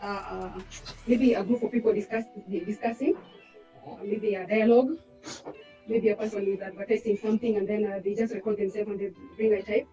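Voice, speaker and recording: Woman on a muffled zoom line, mellow voice, lots of uhs, trails off. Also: mid-range voice, steady tone, fairly quick, faint music behind. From East Africa. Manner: hesitant, many fillers, trailing off quietly. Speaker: panelist, transcriber. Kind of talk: online panel discussion. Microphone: video call. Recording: muffled echoey distant video call.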